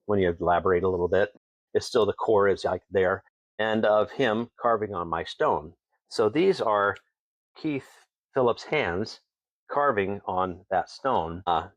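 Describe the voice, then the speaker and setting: With no echo on the track, a man with a fairly low voice recounts folksy stories as a guest in a casual interview. He owns a distillery in Tenino, Washington, chuckles between lines, and brings his tales to life by acting out other people's lines.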